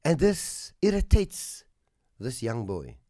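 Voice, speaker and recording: A man hosting a radio talk show, telling a moral story in a slow, earnest way that drops to a soft hush at its tender moments. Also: mid-range voice, wildly swooping pitch, no echo, clean studio sound. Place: radio studio.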